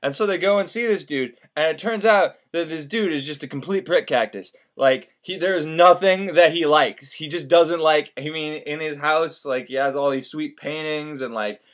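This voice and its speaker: A man's voice: fairly high pitch, moderate pace, few pauses, a bit bright. A man retelling a classic story in a casual, profane, rambling comedic style.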